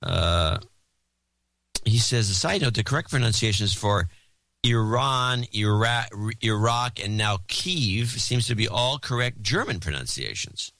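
A man's voice: fairly low pitch, lively intonation, measured pace, sharp tone, no echo. A man co-hosting a podcast, reading out donor names in casual banter and joking as he stumbles over foreign names. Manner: jokey, mangles and repeats foreign names. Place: Oakland, California.

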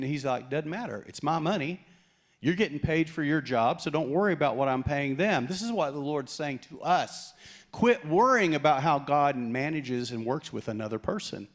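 A man's voice: fairly high pitch, normal speed. A middle-aged male pastor preaching a sermon, telling stories with humor and acting out quoted voices. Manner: animated storytelling, acts out quoted voices with humor.

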